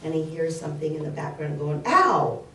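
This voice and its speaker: A woman's voice: low-pitched, monotone, fast talker, dark tone, a little hiss or hum. A woman giving a spiritual talk, telling stories earnestly and repeating key phrases. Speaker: spiritual speaker. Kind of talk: sermon. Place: church hall. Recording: roomy hall, mic at a distance.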